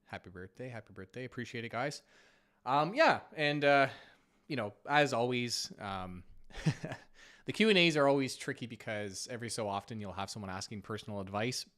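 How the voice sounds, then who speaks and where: A man's voice: medium pitch, lively intonation, normal speed, a bit bright. A Canadian man hosting a casual live stream Q&A on finance, chatty and self-deprecating, a little scratchy from a cold. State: getting over a cold, slightly scratchy. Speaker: finance channel host.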